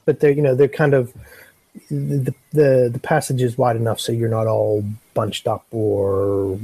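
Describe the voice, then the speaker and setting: A man's voice: mid-range voice, flat delivery, measured pace, dark tone, husky, rough recording. A man narrating as game master of a tabletop game, rambling with many fillers and restarts.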